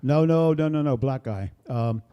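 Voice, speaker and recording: A man's voice: medium pitch, normal speed, smooth, muffled recording. Jovial older man rambling on stage. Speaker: bandleader introducing musicians. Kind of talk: casual stage banter. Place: small performance space, live audience. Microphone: stage microphone.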